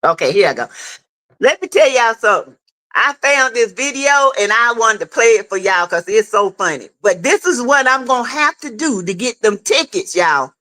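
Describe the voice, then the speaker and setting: A woman hosting a casual livestream, chatty and quick to laugh, calling her viewers y'all and honey. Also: a little high, animated, pushed and bright. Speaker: livestream host.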